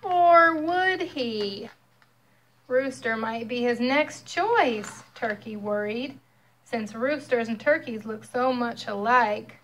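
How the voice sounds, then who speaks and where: A young mother reading a picture book aloud to her child, expressive and storytelling. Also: a little high, slow pace, slight background noise.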